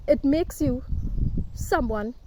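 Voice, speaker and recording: A woman with a high-pitched voice delivers an impassioned monologue straight to the camera. She preaches forcefully, drops curse words, and tags nearly every sentence with a questioning "right?". Faint background noise sits under her voice. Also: slow. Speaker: spiritual self-help speaker.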